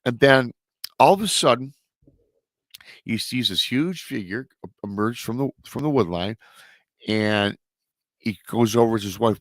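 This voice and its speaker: A man's voice: medium pitch, lively intonation, measured pace, pauses often, no room sound. A male host telling a story in a casual, rambling way, full of restarts and stock filler phrases. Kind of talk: casual storytelling on a live show.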